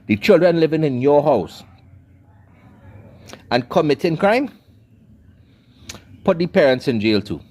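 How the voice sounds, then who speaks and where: A man's voice: fairly high pitch, sing-song, a little slow, pauses often, a little mellow. A man giving a scolding, preacherly commentary rant. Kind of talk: ranting commentary monologue.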